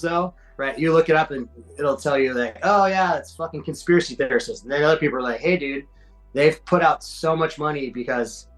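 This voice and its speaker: In a low-quality recording, a man in his forties with a medium-pitched voice trades casual stories as a podcast guest, swearing, speaking in slang, and voicing the quotes himself.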